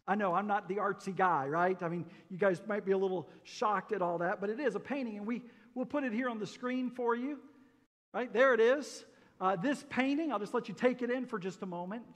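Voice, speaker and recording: Man, pastor, folksy sermon, high voice, church hall reverb. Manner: folksy, joking, asks the congregation questions. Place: church sanctuary.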